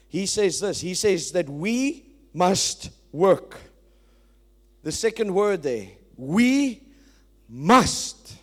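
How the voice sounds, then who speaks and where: A man preaching a sermon as pastor, emphatic and swinging between loud declarations and quiet asides. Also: a little high, slightly rough.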